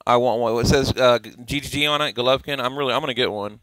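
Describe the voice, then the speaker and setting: A man rambles through boxing commentary in a bright, forceful voice, swearing freely and cutting himself off mid-thought. He sits close to the mic, and the sound is dry, with no room around it. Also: mid-range voice, quick pace, no echo. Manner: rambling, profane, opinionated, self-interrupting. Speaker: boxing channel host. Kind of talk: casual commentary over on-screen clips.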